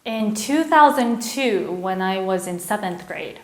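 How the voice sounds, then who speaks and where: A woman in her thirties from Japan with an American accent, a guest telling her life story in a relaxed, reflective way in a casual interview. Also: mid-range voice, unhurried. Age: 30s. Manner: reflective, storytelling, loose with fillers. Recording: roomy echoey room.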